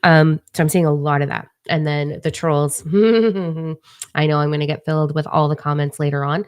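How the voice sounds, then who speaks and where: A woman's voice: deep voice, steady tone, normal speed, smooth, no echo, studio quality. A young woman giving a chatty spiritual talk, swearing freely and acting out other people's voices. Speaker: spiritual channeler. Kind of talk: casual spiritual vlog talk.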